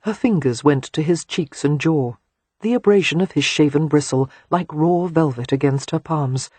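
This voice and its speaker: An audiobook narrator reading a romance novel in a soft, hushed, unhurried way. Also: medium pitch, husky, dry recording.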